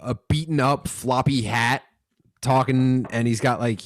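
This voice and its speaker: A man's voice: mid-range voice, fairly even intonation, a little slow, no echo, clean studio sound. A man from Philadelphia, a podcast guest, talking in loose rambling chat with lots of swearing and fillers.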